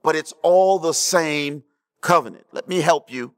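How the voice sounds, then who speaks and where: A man preaching a sermon, checking in with the congregation and swinging between hushed low lines and raised emphatic ones. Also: measured pace. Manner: preaching with call-and-response asides to the congregation. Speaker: pastor.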